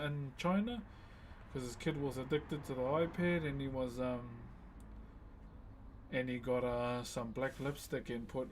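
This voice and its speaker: Friendly and slangy, this New Zealand-accented livestream host chats casually and calls out viewers by name to thank them. He speaks in a mid-range voice, with slight background noise.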